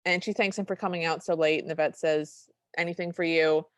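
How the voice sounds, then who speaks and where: Podcast co-host, female, lower register, chatty recap delivery, close dry mic. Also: steady tone, brisk, no room sound. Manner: chatty, recounting plot with quoted lines. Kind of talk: casual recap chat.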